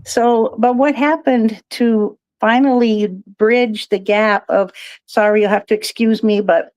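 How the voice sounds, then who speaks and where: A woman's voice: on the high side, fairly even intonation, unhurried, a little mellow, no echo. A woman guest talking in a chatty, digressive way and laughing often. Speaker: guest, crystal shop owner. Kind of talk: casual interview chat.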